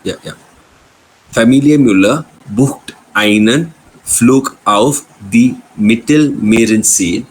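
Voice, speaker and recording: A man, a polite student reading German text aloud haltingly. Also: medium pitch, breathy edge, poor audio.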